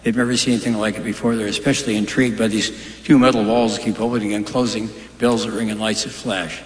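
A man's voice: lowish voice, little pitch movement, fast talker. A man doing stand-up comedy in a large hall, delivering dry one-liners and long joke stories. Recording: live stage recording in echoey hall.

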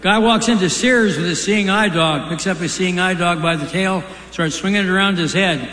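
A man doing stand-up, telling quick folksy jokes on stage with offhand asides between punchlines. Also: sits high, bright, forceful tone, slight background noise. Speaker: stand-up comedian. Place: large live venue. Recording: roomy hall with long reverb.

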